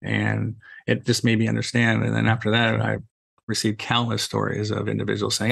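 A middle-aged man speaks as a guest on a podcast in a low, gravelly voice. His pitch stays fairly level as he strings anecdotes together with "you know" and acts out bits of dialogue, and the sound is dry. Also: monotone, a little fast, a bit bright, no room sound. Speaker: podcast guest, safety trainer. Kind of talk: casual conversational storytelling.

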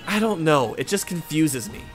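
A man's voice: a little high, expressive, normal speed, soft background music. A young man in casual gaming banter, teasing and cracking crude jokes. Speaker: gaming commentator.

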